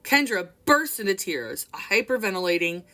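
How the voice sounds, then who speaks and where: A woman's voice: mid-range voice, very animated, moderate pace, sharp tone. A young woman reading a memoir aloud expressively, breaking off for casual commentary. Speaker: book reader and commentator.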